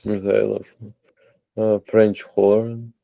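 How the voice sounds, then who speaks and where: A man studying English in a one-on-one lesson, hesitantly naming single words after long pauses. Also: fairly low pitch, flat delivery, creaky, dry recording. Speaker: student. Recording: dull, dry lo-fi sound.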